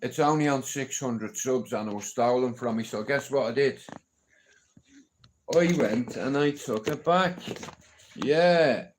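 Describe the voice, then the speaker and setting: A man's voice: medium pitch, unhurried, pauses often, slight background noise. A middle-aged man ranting casually on a livestream, swearing often and asking "you know what I mean?".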